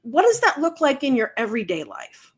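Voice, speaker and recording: A woman hosting a podcast interview. She puts her question in a measured, deliberate way that sounds scripted. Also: high voice, wildly swooping pitch, slightly rough. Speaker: podcast host.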